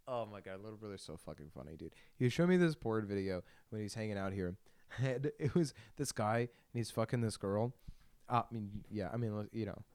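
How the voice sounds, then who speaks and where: Brief: young male podcast host, low voice, dry close sound, crude and giggly rambling. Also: darkish tone, no echo. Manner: crude, laughing, self-deprecating storytelling. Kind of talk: rambling solo podcast monologue.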